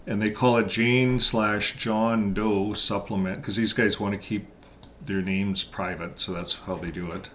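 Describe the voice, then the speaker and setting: Man, low-pitched, indignant, halting, many fillers, casual commentary. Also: steady tone, a bit bright, slight background noise. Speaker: channel host. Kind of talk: casual commentary reading court documents.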